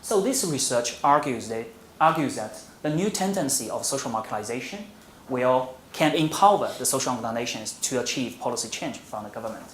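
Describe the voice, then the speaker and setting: In a university lecture room, a man's middle-pitched voice carries an academic presentation; he's a visiting speaker who moves at a measured pace, frequently stopping on "uh" and starting sentences over. A faint, steady hum sits under the roomy echo.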